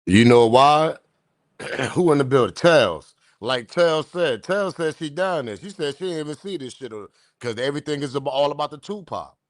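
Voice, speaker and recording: A man's voice: on the high side, animated, normal speed, dry recording, studio quality. Heated ranting man hosting a livestream. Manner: loud, heated, profane, addresses chat directly. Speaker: livestream news host. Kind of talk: ranting live commentary.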